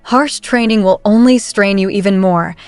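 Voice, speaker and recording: A woman voicing a stern, protective noble father who speaks in a measured way. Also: mid-range voice, smooth, dry recording, faint music behind, lightly acted.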